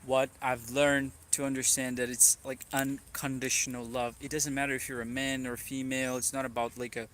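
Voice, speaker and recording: A man's voice: mid-range voice, flat delivery, normal speed, hardly any pauses, fairly bright tone, a little hiss or hum. A man from Brazil with a Brazilian Portuguese accent, talking in a rambling, earnest personal vlog, full of "like" fillers. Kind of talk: reflective personal vlog monologue.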